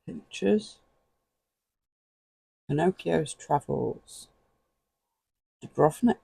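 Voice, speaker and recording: A man's voice: on the high side, extremely slow, creaky, warm tone, husky, dry recording, poor audio. A man, chatting casually to the viewer as he flips through an old magazine and chuckles often. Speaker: vlogger. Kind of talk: casual flip-through commentary.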